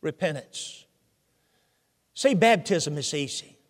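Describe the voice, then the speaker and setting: An older man with a Southern American accent, from Tennessee, preaching a sermon with emphatic rhetorical questions, swinging from loud to hushed. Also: a little high, expressive, slow, big-room sound. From Tennessee, USA. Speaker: visiting preacher.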